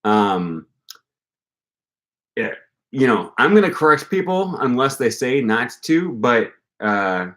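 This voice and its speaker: A man's voice: mid-range voice, sing-song, slow, long pauses, fairly bright tone. A young man hosting a casual livestream about language learning, talking in an upbeat, encouraging way and rambling with many fillers. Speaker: language-learning channel host.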